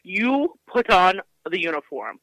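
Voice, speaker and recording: A woman's voice: on the low side, sing-song, unhurried, a bit bright, no room sound, poor audio. Woman putting on a firm Antiguan mother. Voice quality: lilting. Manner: firm, clipped commands.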